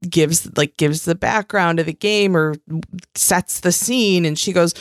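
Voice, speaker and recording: A woman's voice: on the low side, a little slow, no room sound, clean studio sound. A woman co-hosting a podcast, chatting casually with lots of fillers and playful quoting. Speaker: podcast co-host. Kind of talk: casual chat recapping a reality show.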